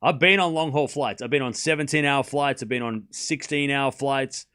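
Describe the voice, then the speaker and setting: Hosting a live tennis watchalong, an Australian streamer and tennis coach talks casually, reads chat out loud, and adds quick bursts of play-by-play. His voice is medium-pitched, with a sharp, clean tone.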